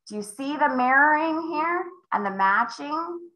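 A woman sales coach leading a live call, emphatic and acting out client conversations with big swings in pitch. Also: expressive, moderate pace, few pauses, sharp tone, roomy sound, rough recording. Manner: emphatic, role-plays client dialogue with big pitch jumps. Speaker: real estate sales coach.

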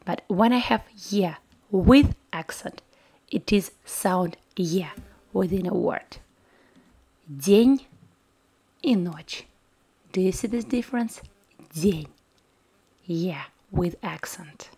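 A woman with a lowish, husky voice gives a softly spoken language lesson. She speaks gently and without hurry, patiently repeating sounds and now and then slipping into a whisper.

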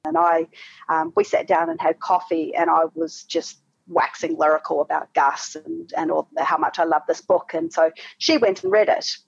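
A woman's voice: sits low, steady tone, normal speed, vocal fry, breathy edge, dry recording. A woman telling a casual story as a fan group admin, rambling with many ums and restarts. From Australia. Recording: dry, dull lo-fi sound.

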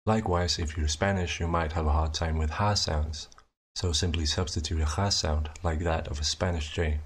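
A young man narrating a scripted explanation of his invented writing system, measured and methodical, slowing down to sound out each example. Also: very deep voice, steady tone, a little hiss or hum. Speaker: conlang creator presenting his language.

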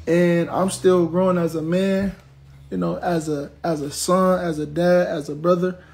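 Young dude venting on his live, high gravelly voice, cussing out commenters. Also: flat delivery, unhurried, darkish tone, soft background music. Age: 20s. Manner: blunt, profane, ranting at commenters. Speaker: social media personality on a livestream. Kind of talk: venting on a livestream.

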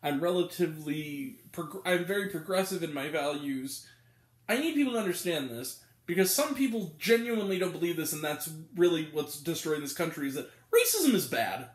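A man's voice: a little high, big pitch swings, moderate pace. A man giving a casual, rambling movie review, stumbling over names and laughing at himself. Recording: roomy echo.

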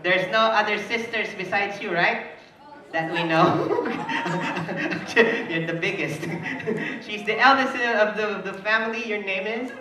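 Taking it slowly, this high-pitched man plays party entertainer, joking with a child volunteer through teasing banter and frequent laughter. The setting is an indoor party venue where he emcees and trades banter with the audience, and the echoey hall, distant mic and crowd are all audible.

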